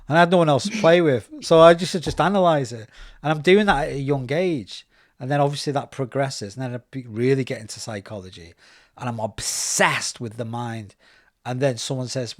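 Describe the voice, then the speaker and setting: A man's voice: medium pitch, moderate pace, dry recording, clean studio sound. A man who hosts a podcast interview, chatting casually and telling personal stories, acting out the voices of people he quotes. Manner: animated storytelling, acts out quoted voices. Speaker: podcast host.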